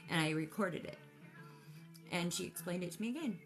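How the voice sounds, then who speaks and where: A woman's voice: fairly low pitch, expressive, fairly quick, music in the background. A mother telling a personal story casually, in an emotional, rambling way with many restarts.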